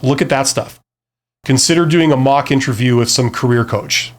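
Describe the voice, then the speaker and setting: A man's voice: medium pitch, normal speed. A man talking casually to camera with career advice, rambling and self-deprecating, full of fillers and restarts. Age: adult past his early twenties.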